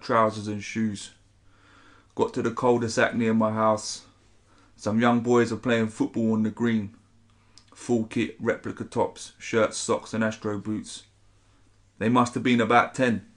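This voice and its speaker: A man's voice: on the low side, a bit bright. A man, a spoken word poet chatting casually and reading his poetry. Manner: swears casually, rambling, says "innit".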